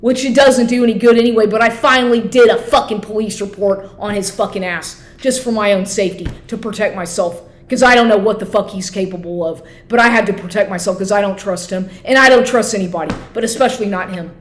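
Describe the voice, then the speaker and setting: A woman venting in a heated, profane rant, circling back over the same points again and again. Her pitch sits in an ordinary middle range. The room around her rings with echo. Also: fast, few pauses. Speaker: vlogger. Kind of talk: angry personal rant.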